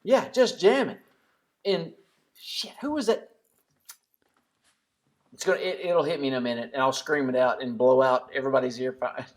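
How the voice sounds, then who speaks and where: A podcast guest talks in a relaxed, rambling way. He jokes about himself, and his voice sits at an ordinary middle pitch. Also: normal speed, pauses often. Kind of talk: casual chat.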